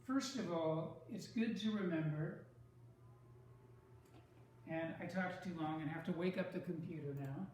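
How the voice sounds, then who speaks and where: A man teaching a writing class, lecturing deliberately in short phrases with pauses between them. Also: fairly high pitch, darkish tone. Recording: very echoey classroom with faint noise.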